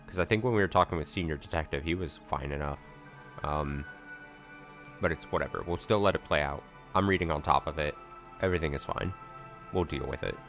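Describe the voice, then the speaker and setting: A man's voice: low voice, a bit bright. A man streaming a video game, reading its story text aloud dramatically and adding wry asides.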